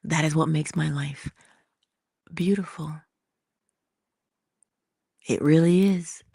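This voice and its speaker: A woman hosting an inspirational livestream, talking slowly and intimately, dropping into whispers at times and greeting viewers in the chat. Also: low-pitched, steady tone, vocal fry, dark tone, slightly rough, no echo, studio quality. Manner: slow, intimate, drops into whispers. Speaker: motivational livestream host.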